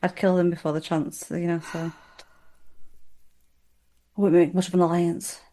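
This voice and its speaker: A woman co-hosting a podcast in casual chat, blunt and quick-witted. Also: on the low side, flat delivery, warm tone. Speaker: podcast co-host.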